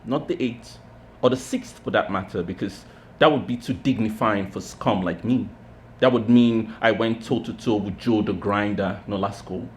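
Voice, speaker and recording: A man at a pub open mic reading his own short story in a measured, literary way. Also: lowish voice, a little hiss or hum. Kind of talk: reading fiction aloud. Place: pub stage.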